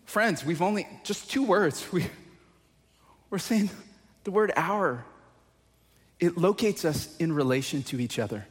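Guy pastor preaching, chatty, keeps asking the room questions, higher voice, slow, big hall echo. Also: animated. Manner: conversational, asks the congregation questions often. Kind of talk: sermon.

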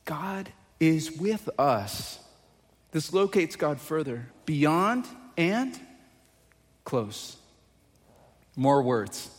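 A pastor preaching a conversational sermon, often asking the congregation questions. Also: male voice, on the high side, very animated, drawn-out words, pauses often, big-room sound.

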